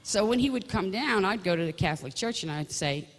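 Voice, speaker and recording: A woman shares a personal faith testimony in a conversational storytelling way, often restarting her sentences. Her mid-range voice is animated and fairly quick, with the long reverb of a large hall around it.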